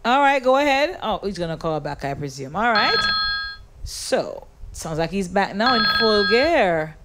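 A woman's voice: medium pitch, sing-song, measured pace, heavy background noise. A Jamaican woman hosting a radio call-in show, chatty and teasing with her callers. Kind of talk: casual radio chat.

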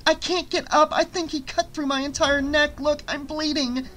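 A frightened young woman wails and pleads in a high, strained voice that sits well above the reader's own, as a male audiobook narrator puts her on. Her tone is bright and sharp, and she sounds miserable. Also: fairly even intonation, moderate pace. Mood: panicked. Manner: wailing, miserable.

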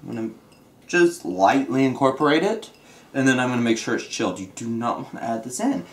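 A man's voice: mid-range voice, lively intonation, a little fast. A man walking through a recipe as he cooks, chatty and joking while he explains each step. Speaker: home cook demonstrating a recipe. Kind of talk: casual cooking chat. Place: home kitchen. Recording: echoey kitchen with cooking sounds.

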